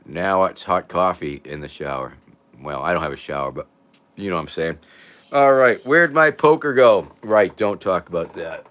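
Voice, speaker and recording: An older man hosting a casual livestream, rambling and chuckling as he reads out viewer comments, his voice drifting from loud to quiet. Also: low-pitched, lively intonation, normal speed, clean tone. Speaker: livestream host.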